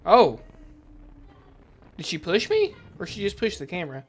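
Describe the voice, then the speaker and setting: A gameplay commentator reading a horror game's dialogue aloud while playing, in a hushed, uneasy tone. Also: mid-range voice, animated, very fast.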